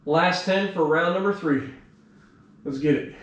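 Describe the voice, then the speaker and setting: Man, out of breath, counting sit-ups, slightly high voice, echoey room, far from mic. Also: a little slow, pauses often, slight background noise. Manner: counts reps aloud between tired asides. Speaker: fitness vlogger.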